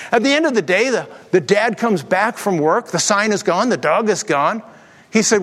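A man's voice: sits high, lively intonation, normal speed, a bit bright. A man preaching a sermon, telling stories with jokey asides and acting out the voices of the people in them. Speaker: pastor. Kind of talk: sermon with storytelling and jokes. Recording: long hall reverb.

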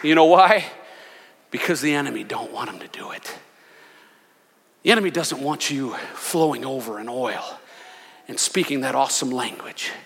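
A male senior pastor preaching a sermon with passion, swinging between loud, fervent declarations and hushed asides. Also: medium pitch, moderate pace, creaky, slightly rough, long reverb tail. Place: church sanctuary.

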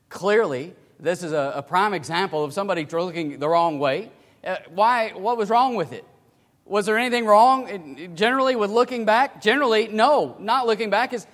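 Male preacher, high voice, dynamic delivery from quiet to shouting, big reverberant hall. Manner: swings from hushed to loud emphatic cries. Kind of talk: sermon.

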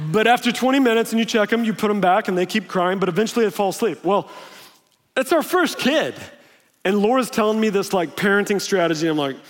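A man preaching a sermon, telling stories in a conversational way and acting out the quotes. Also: high-pitched. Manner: conversational storytelling with laughs and acted-out quotes. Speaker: pastor. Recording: long hall reverb.

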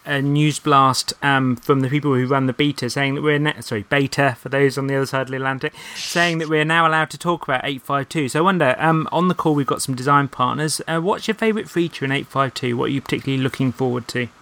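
A man's voice: mid-range voice, fast talker, few pauses, pushed and bright. Man hosting a podcast panel. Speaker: podcast host.

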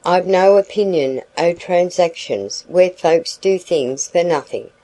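Woman reading an easygoing old husband, soothing, country talk, slow. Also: fairly low pitch, mellow, low-quality recording. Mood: placid. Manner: soothing, homely dialect. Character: mild easygoing older husband, placid.

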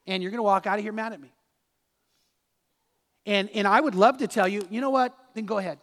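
A man's voice: high voice, fairly even intonation, a little fast, long pauses, a bit bright, in a large hall. A man preaching a sermon as pastor, pressing the congregation with emphatic rhetorical questions.

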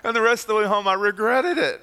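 A middle-aged pastor preaches with a bright, forceful, slightly high voice, telling the story dramatically and dropping from loud to hushed. The sound rings with a long reverb from the church hall. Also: male voice, fast talker, clean tone. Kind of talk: sermon. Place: church sanctuary.

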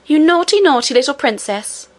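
A woman's voice: a little high, lively intonation, normal speed. A woman voicing a frightened, angry nurse scolding a child. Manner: sharp and scolding.

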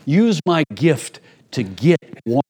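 A man's voice: a little high, sing-song, slow pace, a little mellow, husky. A middle-aged man preaching a sermon to his church in a conversational way, acting out small everyday scenes to make his points. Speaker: pastor.

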